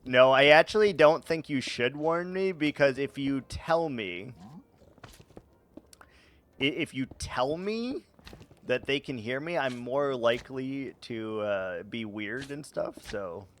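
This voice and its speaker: Guy streaming games, giggly and teasing, bouncy lively pitch, slow easy talk. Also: a little hiss or hum. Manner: giggly, laughs at his own jokes; teasing, playful banter with chat. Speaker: game streamer. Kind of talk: casual live-stream chat while gaming.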